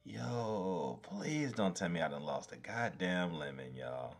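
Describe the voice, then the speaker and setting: A man's voice: deep voice, lively intonation, takes it slowly. A man live-streaming his design work, talking to himself as he goes, swearing freely and laughing when things go wrong. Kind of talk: casual live-stream commentary.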